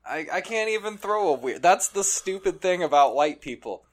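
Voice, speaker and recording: A man's voice: high voice, expressive, moderate pace. A man in casual conversation, tossing out wry quips and laughing easily.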